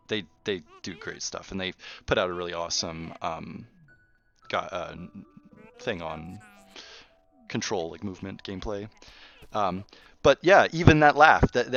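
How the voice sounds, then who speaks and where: A man's voice: lowish voice, a bit bright, dry recording. A man, a game developer, explaining his work in a casual, rambling behind-the-scenes talk full of restarts. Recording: dull, muffled, dry sound.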